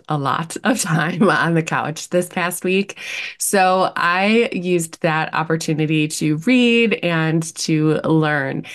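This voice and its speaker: Female podcast host and coach, lowish voice, congested from a cold, upbeat and encouraging. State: congested, stuffy nose after flu. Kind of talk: scripted intro, then casual solo podcast talk.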